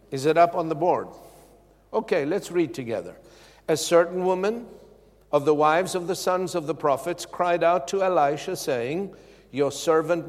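A man preaching a sermon, with emphatic, drawn-out delivery and rhetorical questions to the congregation. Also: on the high side. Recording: echoey hall reverb.

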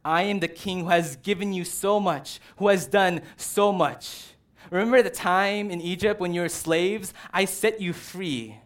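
A patient, wounded God pleads with his people like a king reminding them of all he has done, as a preacher puts him on. The male voice sits a little high and speaks steadily. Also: unhurried. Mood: pleading.

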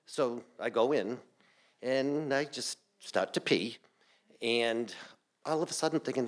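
A man spins a comic tale on a theater stage before a live audience. He is animated and salty, breaking into laughter as he goes. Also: medium pitch, unhurried. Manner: animated, salty, laughs through his lines. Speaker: storyteller. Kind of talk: live storytelling.

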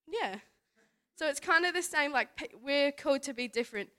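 A woman's voice: high-pitched, lively intonation, brisk, fairly bright tone, clear, resonant tone. A young woman giving a casual testimony talk at church, chatty and full of fillers, laughing now and then. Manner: chatty, full of "like" and "you know", laughs often. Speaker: youth speaker at church.

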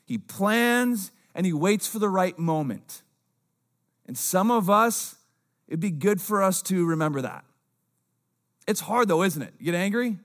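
A man, a young-adult pastor, preaching a casual sermon, dropping low and quiet for asides and rising loud for emphasis. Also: expressive, fairly quick.

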